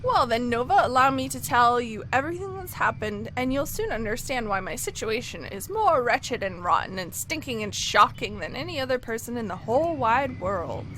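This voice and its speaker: A woman voicing an excitable, self-pitying female clockmaker hermit, reading game dialogue aloud in a theatrical, wailing way. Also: on the high side, normal speed, few pauses, a little hiss or hum. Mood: dramatic.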